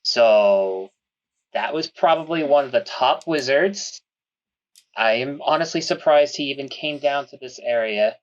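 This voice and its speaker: A careful, polite adventurer speaking slowly and measuredly, as a player puts them on. The sound is dull and lo-fi in this tabletop game. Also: medium pitch, close to an everyday voice. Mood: cautious.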